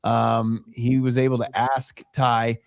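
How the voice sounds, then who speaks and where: A man's voice: mid-range voice, little pitch movement, takes it slowly, vocal fry, clean tone. A man co-hosting a sports talk show, wry and teasing, often reading quotes aloud.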